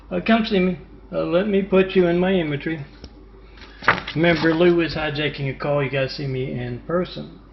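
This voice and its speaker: Gravelly man in a rambling monologue. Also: fairly high pitch, muffled recording, a little hiss or hum. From Louisiana. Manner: halting, with restarts and repeated self-introductions. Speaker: self-styled parable teller. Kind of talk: rambling monologue with imagined callers.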